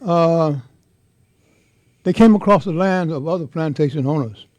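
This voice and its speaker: An older man telling a heartfelt story in an interview, speaking with impassioned, halting repetition. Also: fairly high pitch, a little mellow, no room sound, muffled recording. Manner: impassioned, halting, repeats words. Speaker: interviewee, veteran.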